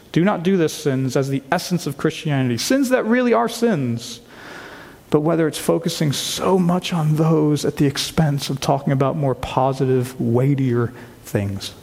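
A man's voice: a little high, a little mellow. A male pastor preaching a sermon, earnest and emphatic, asking rhetorical questions as he explains a passage. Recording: long hall reverb.

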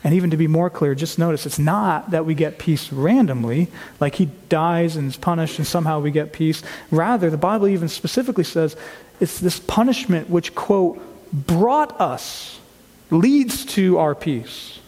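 A man preaching an expository sermon to his church, slowing down to stress key words. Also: a little high, darkish tone. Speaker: pastor. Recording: long hall reverb.

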